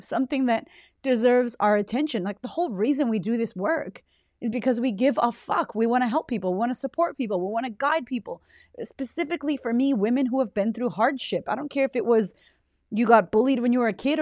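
A woman's voice: a little high, a little mellow, dry recording. A woman hosting her own podcast in a heartfelt, casual monologue. She is emotional and close to tears, and swears freely as she gushes her thanks. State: teary, close to crying. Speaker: podcast host.

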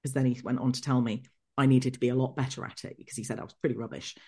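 A middle-aged woman, an executive coach telling stories from her career as a podcast guest, animated and quick to act out remembered conversations. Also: rumbling low, breathy edge. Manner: lively, acts out remembered dialogue. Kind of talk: podcast interview storytelling.

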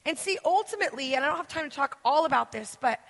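A woman teaches a church gathering in a high, bright voice, animated and acting out the people she quotes. Her words ring with the long reverb of a large hall. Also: fast, creaky. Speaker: guest speaker.

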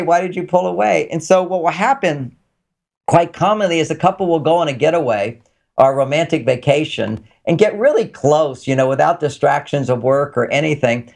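A man's voice: fairly high pitch, darkish tone. A man being interviewed as a relationship author, talking casually and explaining his ideas through anecdotes.

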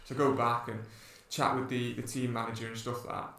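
A man's voice: mid-range voice, level tone, a little fast, pushed and bright. A man, a podcast co-host and runner, telling a rambling story in casual chat with many restarts. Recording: echoey room, distant mic.

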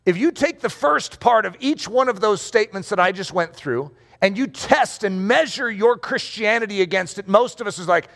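A middle-aged male pastor preaching a playful sermon, acting out scenes and shouting for effect. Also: high-pitched, lively intonation, normal speed, creaky, few pauses. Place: room with rows of chairs.

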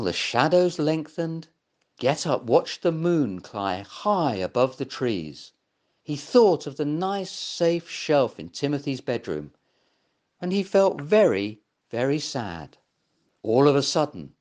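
A gentle male storyteller reading a children's story aloud. He takes his time and his pitch rises and falls widely, making every sentence expressive.

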